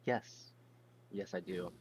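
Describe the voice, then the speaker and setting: A man's voice: deep voice, slow pace, darkish tone, breathy edge. A man playing in a tabletop game, eager and rambling with filler words. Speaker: player. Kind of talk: tabletop role-play.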